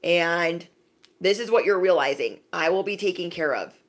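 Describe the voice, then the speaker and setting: A young adult woman giving a sassy, animated spiritual pep talk to her viewers, acting out little scenes as she goes. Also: fairly low pitch, moderate pace. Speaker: intuitive reader.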